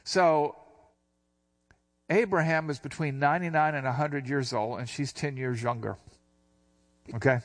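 An older man, a pastor, teaching through a Bible passage, reading verses slowly and explaining them in casual asides. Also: fairly high pitch, fairly even intonation.

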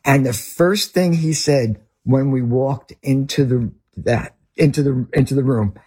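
A man's voice: medium pitch, a little slow, dark tone, breathy edge. A man with a Northern US accent, a ministry leader telling a story in conversation, rambling with restarts.

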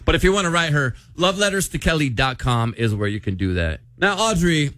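Teasing male morning host, very lively pitch, dry studio. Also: no room sound. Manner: lively, teasing, quick to laugh. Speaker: radio show host. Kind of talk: morning radio banter.

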